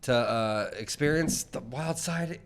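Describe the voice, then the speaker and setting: A man's voice: medium pitch, takes it slowly. A man co-hosting a casual chat show, joking and bantering playfully. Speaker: co-host.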